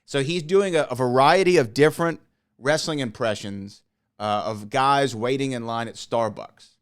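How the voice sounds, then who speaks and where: A man with a middle-range voice co-hosts a wrestling podcast. He shares stories with eager energy. He often stumbles into quick restarts as he talks. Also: medium pitch, clean tone. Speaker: podcast co-host. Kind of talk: casual chat.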